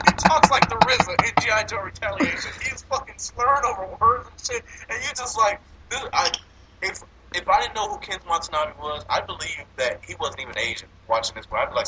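A man in casual, profane movie review chat, animated and laughing often as he complains. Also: sits high, quick pace, noisy background.

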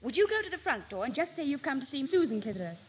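Brisk young sister. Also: female voice, high-pitched, sing-song, a little hiss or hum. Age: young adult. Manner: brisk, determined. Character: sharp, determined young woman. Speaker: older sister. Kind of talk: 1950s radio sitcom acting.

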